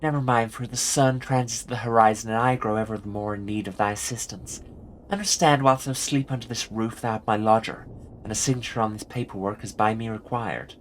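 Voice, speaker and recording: A man's voice: on the low side, level tone, moderate pace, few pauses, bright, forceful tone, a little hiss or hum. A man voicing a stiffly formal, old-fashioned woman in a game, speaking in archaic thee-and-thou phrasing. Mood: stately. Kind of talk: game voice acting.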